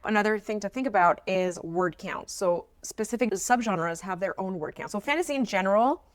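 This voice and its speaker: A woman's voice: mid-range voice, lively intonation, a little fast, no echo. A young adult woman talking casually to camera about her writing process, chatty and playful with frequent asides. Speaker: writing vlogger. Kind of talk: casual instructional talk to camera.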